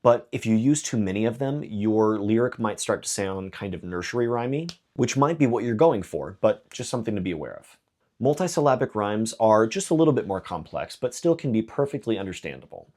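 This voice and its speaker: A man explaining songwriting in a clear video lesson, with dry joking asides. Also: lowish voice, expressive, a little fast, darkish tone. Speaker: songwriting teacher.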